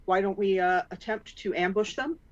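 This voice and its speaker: A tabletop game player, eager and prone to loud cheering. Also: medium pitch, normal speed, lo-fi sound. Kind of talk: casual tabletop play.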